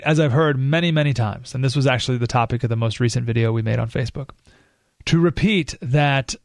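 Male talk radio host, gravelly voice, fairly high pitch, dry close sound, emphatic. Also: dry recording. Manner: emphatic, sarcastic, with short laughs. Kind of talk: political talk radio monologue.

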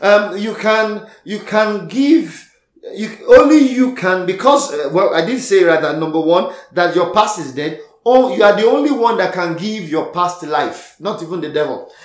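Pastor, male, slightly high voice, preaching to his congregation, lots of repetition, reverberant room. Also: lively intonation, moderate pace. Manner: repeats key lines, calls out to the congregation. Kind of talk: sermon.

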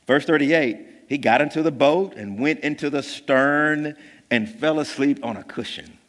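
Man preaching a lively sermon in a reverberant hall. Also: fairly high pitch, measured pace. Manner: animated, swings from loud bursts to hushed; conversational, acts out voices of disciples. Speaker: pastor.

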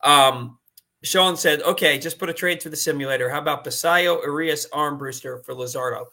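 A man's voice: on the high side, normal speed, creaky, sharp tone. A man co-hosting a casual sports talk show, ranting with exasperated emphasis. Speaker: podcast co-host.

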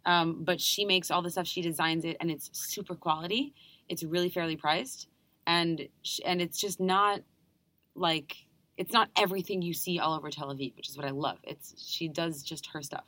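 A woman's voice: on the low side, steady tone, sharp tone, no echo. A young woman from New York with an American accent, chatting enthusiastically as a guest performer in an interview. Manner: chatty, enthusiastic, quick restarts. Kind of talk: casual interview chat.

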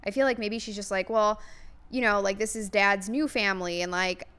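Woman chatting on a podcast, frank and easy, mid pitch, lots of likes. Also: steady tone, normal speed, a bit bright, clean tone. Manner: frank, conversational, lots of fillers. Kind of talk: casual podcast chat.

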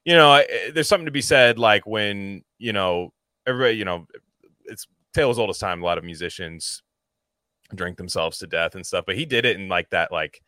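Rambling man with a bright voice. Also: fairly low pitch, fairly quick, dry recording, studio quality. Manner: rambling, animated, many filler likes and restarts. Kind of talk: casual podcast chat.

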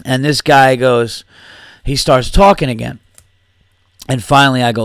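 A man's voice: mid-range voice, steady tone, unhurried, long pauses, fairly bright tone, smooth, no room sound, clean studio sound. A male comedian and podcast host telling a story in a casual, profane and exasperated rant.

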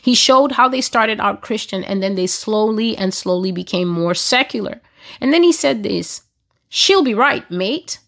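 A woman's voice: mid-range voice, expressive, creaky, fairly bright tone. Earnest woman sharing prophetic visions. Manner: earnest, deliberate, with occasional halting restarts. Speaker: prophecy blogger. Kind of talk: spoken prophetic testimony.

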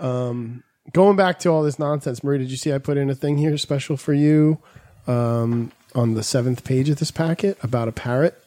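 A man's voice: moderate pace, dark tone. Foul-mouthed rambling male podcast host. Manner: profane, rambling storyteller who slips into squeaky impressions. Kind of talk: casual podcast banter.

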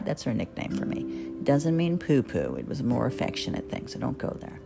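Woman from new jersey, podcast host, deep gravelly voice, lively, candid chatty monologue over guitar music. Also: brisk. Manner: candid, chatty, self-deprecating. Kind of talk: personal monologue.

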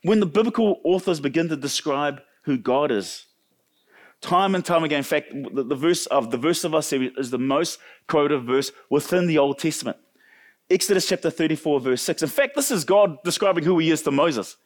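A man delivers a sermon in a conversational, animated way. His voice sits a little high for a man, and he acts out the characters he quotes with sudden leaps in pitch. He often repeats and restarts his words as he goes. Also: moderate pace. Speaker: pastor.

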